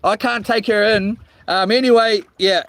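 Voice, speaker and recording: A man's voice: high voice, fairly even intonation, moderate pace, a bit bright, no room sound. A man chatting with viewers while fishing outdoors on the ocean, rambling and swearing in mock-grumpy jokes. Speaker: fishing vlogger. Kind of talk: live-stream chat with viewers.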